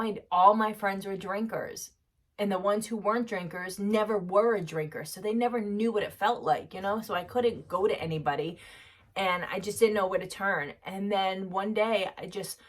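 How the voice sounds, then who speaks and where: A woman speaks straight to the camera about her own life. Her talk is candid and loose, with plenty of fillers. Her voice sits at an ordinary middle pitch. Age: 30s. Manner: candid, conversational, many fillers. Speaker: vlogger sharing her recovery story. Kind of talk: personal storytelling to camera.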